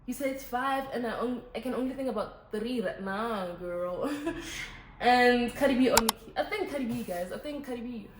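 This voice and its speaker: A chatty young woman, talking to her viewers in a lively, casual way. Her voice carries the echo of a bare room, with a faint hum of ambience behind her. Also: fairly high pitch, normal speed. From Botswana. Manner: chatty, animated, switches languages. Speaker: vlogger. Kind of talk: casual Q&A chat to camera.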